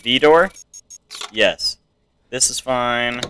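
Pitched on the low side, his voice sounds pushed and bright, and he talks at a measured pace with many pauses; there's a faint hiss or hum. The young man is a streamer giving chatty let's play commentary, reading game text out loud and attempting goofy voices.

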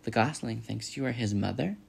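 A man reading a storybook, voicing a shy young beaver boy who speaks quietly. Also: medium pitch, fairly quick, gravelly, a little hiss or hum. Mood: gentle. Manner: quiet, gentle.

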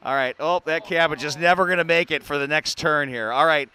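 A man's voice: a little high, a little fast, bright, forceful tone, clear, resonant tone. A man hosting a sports show, giving joking play-by-play of a silly indoor game in an arena. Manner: playful, chatty, laughs often.

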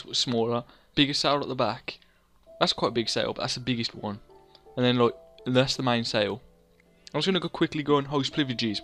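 A man's voice: medium pitch, fairly bright tone. A young man, chatting casually over his gameplay, rambling and mocking himself as he scolds himself in the third person. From England. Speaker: gaming channel host.

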